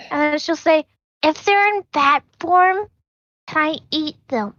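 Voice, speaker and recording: A woman's voice: high voice, fairly bright tone, no room sound, lo-fi sound. A woman player describing her character in a tabletop game, playful and giggly.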